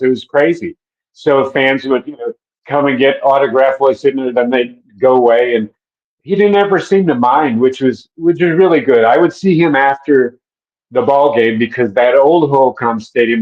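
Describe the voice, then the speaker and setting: A middle-aged man from Minneapolis, a stadium announcer, telling relaxed stories in a casual interview with soft laughs and fillers. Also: medium pitch. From Minneapolis, USA. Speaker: public address announcer. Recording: dull lo-fi audio.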